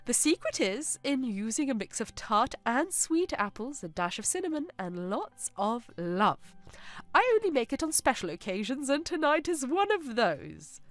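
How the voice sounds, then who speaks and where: A woman narrator voicing a kindly older mother who speaks in a gentle, affectionate way. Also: high voice, sing-song, normal speed, no echo. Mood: warm, caring. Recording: dry close narration with soft music.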